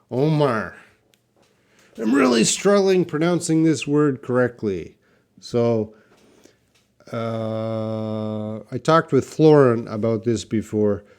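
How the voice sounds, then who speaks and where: A man teaching English pronunciation in a live online class, drawing out words slowly and answering questions from the chat. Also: medium pitch, animated, a little mellow, smooth. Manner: slow, drawn-out word repetition for learners.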